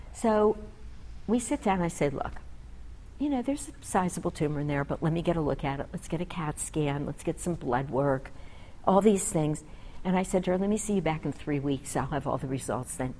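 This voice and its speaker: A woman doctor with a low, mellow voice tells a story in a casual, conversational way. She speaks earnestly and reflectively, and she acts out both sides of the conversation with her patient. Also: a little hiss or hum, poor audio. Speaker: physician.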